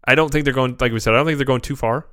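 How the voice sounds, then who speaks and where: Speaking rapid-fire in a steady, pushed and bright mid-range voice, this male podcast co-host tells animated stories in casual chat. The recording is dry, with clean studio sound.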